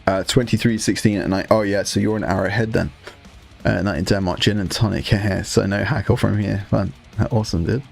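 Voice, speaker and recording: A man's voice: on the low side, steady tone, brisk, gravelly, soft background music. A man hosting a live stream, chatting casually to viewers while painting miniatures. He rambles loosely and swears freely as he talks. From Scotland.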